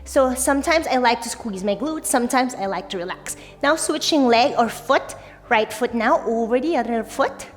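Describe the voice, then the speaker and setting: A young woman with a slightly high, expressive voice leads a guided yoga class at a moderate pace. She's casual and upbeat, sprinkling in "like" and "right?", and the recording has long reverb with faint music.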